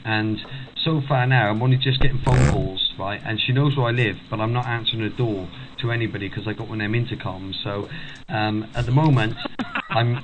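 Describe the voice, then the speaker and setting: A man's voice: on the low side, a little fast. A man from Wales with a Welsh accent, calling in and rambling on casually, swearing freely. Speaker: caller. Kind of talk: casual chat on a phone line. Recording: tinny phone line with crowd noise.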